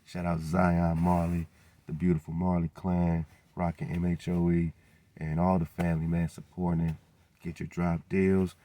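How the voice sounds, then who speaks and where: Man hosting a radio show, deep mellow voice, preachy and hyped, says "man" a lot. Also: completely flat delivery, moderate pace. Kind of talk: casual monologue with promo plugs.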